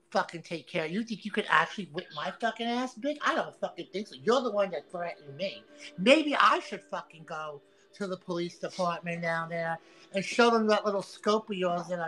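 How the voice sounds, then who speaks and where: A woman livestreaming an angry, profane rant, taunting and repeating herself with loud outbursts. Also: fairly low pitch, poor audio.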